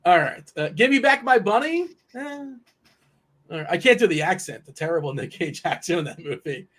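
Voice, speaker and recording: Playful man hosting, slightly higher voice. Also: animated, a little fast, fairly bright tone. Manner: playful, teasing, rattles off lineups. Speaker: host. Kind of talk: casual sports betting chat.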